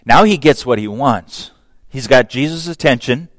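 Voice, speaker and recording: A man's voice: mid-range voice, expressive, moderate pace, dry recording. A man preaching a sermon who acts out scripture dialogue, raising his voice for the quoted characters.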